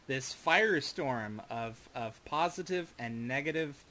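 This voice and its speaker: A man co-hosting a podcast in an animated, casual way. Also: mid-range voice, measured pace, a little hiss or hum. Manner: animated, laughing often. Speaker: podcast co-host.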